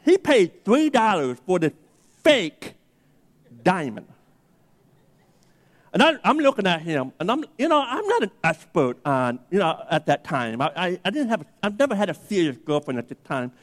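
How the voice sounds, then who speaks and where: A man with a high, lively voice preaches a sermon, acting out the voices in his story. Long reverb from a church hall surrounds him. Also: normal speed. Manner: animated storyteller, acting out dialogue. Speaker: pastor.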